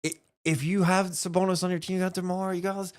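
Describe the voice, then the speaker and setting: A man's voice: high-pitched, level tone, fast. A man co-hosting a casual sports talk livestream, working through standings math and reading viewer donations aloud. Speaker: sports podcast co-host.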